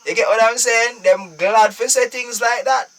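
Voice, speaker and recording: A Jamaican man with a high, light voice talking on a live stream. He preaches in an emphatic way and keeps repeating his phrases. He sits a bit back from the mic. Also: steady tone, normal speed, fairly bright tone, distant mic. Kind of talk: casual live-stream talk.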